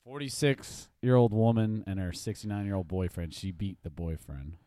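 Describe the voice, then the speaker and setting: A man's voice: fairly low pitch, moderate pace, warm tone, dry recording, studio quality. A man hosting a casual podcast, laughing and telling crude, profane stories. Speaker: podcast host.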